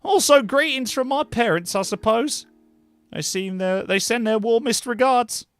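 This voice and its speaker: A man voicing a weary, polite woman mage and potion brewer in a higher put-on voice with a questionable accent, chatty and dry. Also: measured pace, fairly bright tone, smooth, no echo, faint music behind. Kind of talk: voicing characters in a cozy narrative game.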